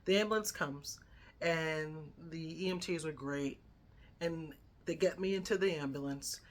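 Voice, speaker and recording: This is a woman in her fifties with a somewhat low voice. She retells a personal story in a casual, animated way and often tags her sentences with a quick "right?". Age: 50s. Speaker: lifestyle vlogger.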